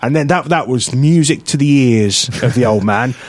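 A man from London with a London English accent, co-hosting a casual radio chat show and telling animated stories, often mimicking people in a high, excited voice. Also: moderate pace, no room sound. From London, England. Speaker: co-host. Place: radio studio.

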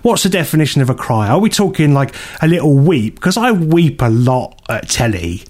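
A man co-hosting a radio chat show, telling stories casually and animatedly. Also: normal speed. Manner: animated storyteller, jumps up high for quoted voices.

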